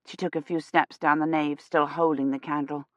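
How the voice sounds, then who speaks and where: A woman narrating an audiobook in a hushed, suspenseful storytelling manner. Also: low voice, level tone, normal speed, no echo. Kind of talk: scripted narration.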